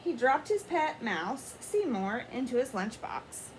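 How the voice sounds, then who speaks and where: A woman teacher reading a picture book aloud to children in an expressive way, pausing to ask them questions. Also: a little high, slight background noise. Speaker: elementary school teacher. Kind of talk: children's story read-aloud.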